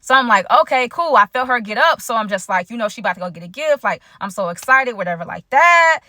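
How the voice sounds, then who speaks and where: A woman with a fairly high, bright, forceful voice talks fast and animatedly in a dry recording. A content creator, she tells her viewers a personal story in a casual storytime vlog, slangy, chatty, and speaking directly to the audience.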